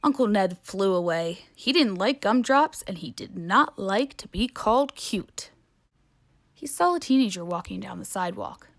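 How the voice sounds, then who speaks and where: A woman reading a children's picture book aloud with playful, expressive narration. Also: mid-range voice, moderate pace, gravelly. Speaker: storybook reader.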